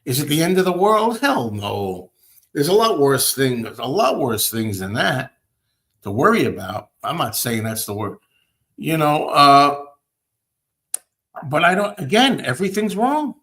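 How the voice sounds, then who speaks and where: A man hosting a show, ranting and telling everyday stories in a casual, animated way. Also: on the high side, a little slow. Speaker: host. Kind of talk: casual chat.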